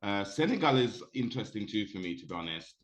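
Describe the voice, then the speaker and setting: A man's voice: fairly low pitch, very animated, quick pace, slight background noise. A man hosting a casual talk show, chatting in a playful, teasing way. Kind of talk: casual chat.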